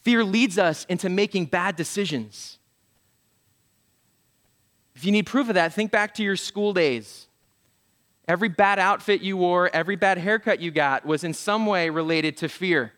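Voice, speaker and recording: A man's voice: sits high, normal speed, long pauses, a bit bright. A man preaching a sermon to a congregation, telling the story with humor, jokey asides and acted-out voices. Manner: humorous, self-deprecating asides. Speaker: pastor.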